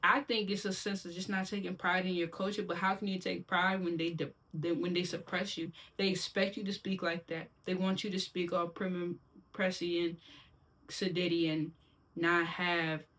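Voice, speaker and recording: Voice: medium pitch, a bit bright. A young adult from Silver Spring with a Maryland accent, giving their opinions in a candid, slangy monologue straight to the viewer. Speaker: vlogger.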